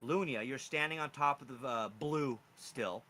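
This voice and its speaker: Brief: male game master, very bright voice, loose and chatty narration. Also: mid-range voice, moderate pace. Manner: casual, rambling, many fillers.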